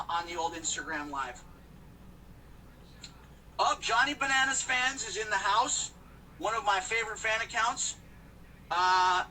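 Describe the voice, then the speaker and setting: Bright, joking man streaming from his car. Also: high-pitched, far from the mic, slight background noise, poor audio. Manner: joking, rambling, talks to viewers. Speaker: host of a live stream. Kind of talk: casual live-stream chat while driving. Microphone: phone.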